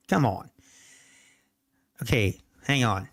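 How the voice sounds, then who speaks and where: A man's voice: medium pitch, expressive, fairly bright tone. A man hosting a casual trading livestream, rambling and correcting himself, then playfully defending his speech to chat. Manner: slow, rambling, self-correcting.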